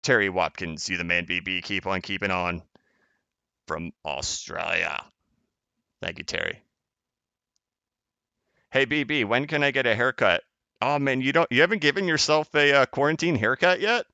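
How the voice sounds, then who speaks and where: A man's voice: mid-range voice, moderate pace, gravelly, long pauses, pushed and bright, no echo, highs cut off. A man hosting a crypto live stream, chatting casually as he reads viewer comments, rambling and correcting himself, often laughing.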